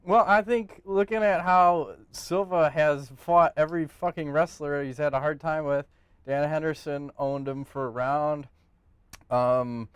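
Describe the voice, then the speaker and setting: A man's voice: mid-range voice, smooth, dry recording. A man co-hosting a casual fight podcast, giving blunt, profane opinions. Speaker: podcast co-host. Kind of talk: casual MMA podcast chat.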